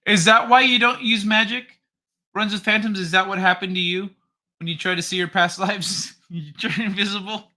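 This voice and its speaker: Bright-voiced man chatting on a livestream. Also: high-pitched, steady tone, normal speed. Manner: loose and profane, reads chat aloud and laughs often. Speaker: livestream host. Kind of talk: casual livestream chat.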